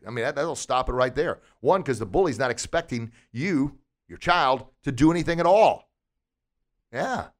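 A man hosting a podcast, giving an energetic motivational talk as a martial arts instructor and asking his listeners lots of rhetorical questions. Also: lowish voice.

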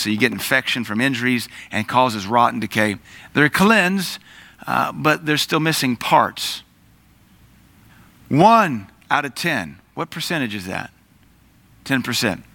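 A middle-aged man delivers an animated sermon and acts out the voices in the story. His voice is bright and forward. It is recorded close up, with a dry, roomless sound. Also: medium pitch, vocal fry, dry recording. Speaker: Bible teacher.

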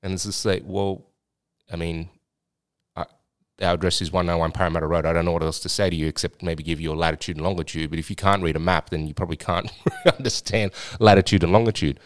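A man's voice: low voice, steady tone, fast, no echo. An Australian man hosting a podcast, telling a story in a rambling, blunt way with some swearing. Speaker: podcast host and swingers club owner. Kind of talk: casual storytelling chat.

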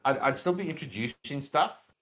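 A man's voice: mid-range voice, expressive, moderate pace, a bit bright. A man co-hosting a podcast in casual chat, rambling with lots of fillers and restarts, and getting opinionated and emphatic when he argues a point. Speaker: podcast co-host.

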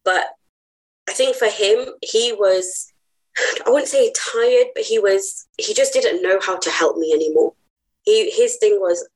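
A woman's voice: medium pitch, moderate pace, rough recording. Earnest woman guest telling her story. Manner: earnest, heartfelt, laughs easily. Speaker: podcast guest. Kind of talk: personal storytelling in an interview.

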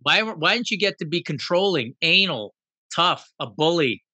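A man's voice: fairly high pitch, expressive, moderate pace, bright, forceful tone, husky, no echo. A man in casual conversation, talking emphatically and firing off rhetorical questions.

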